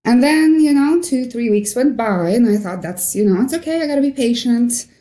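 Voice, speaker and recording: A woman's voice: fairly high pitch, lively intonation, moderate pace, dark tone. A young woman from Norway, a podcast guest, telling a story with animation and acting out the quoted voices. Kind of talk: storytelling interview. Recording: roomy echo.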